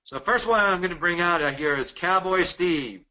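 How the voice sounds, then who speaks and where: Male webinar host, slightly high bright voice, hard-selling, keeps asking "right?". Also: normal speed, low-quality recording. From Dallas, Texas. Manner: energetic, persuasive, rhetorical questions. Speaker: webinar presenter. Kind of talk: sales pitch webinar.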